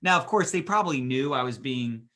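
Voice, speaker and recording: A man's voice: mid-range voice, fairly quick. A man giving a casual motivational leadership talk as a business coach, acting out the people he quotes. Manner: casual, animated, acts out voices of people he quotes. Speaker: business coach leading a training session.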